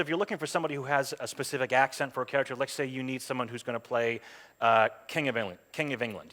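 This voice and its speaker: A man who works as a voice actor, giving a chatty, anecdotal talk at a game event with lots of ums and quick voiced asides. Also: mid-range voice, bright, forceful tone. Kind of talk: conference talk. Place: stage at a game jam event.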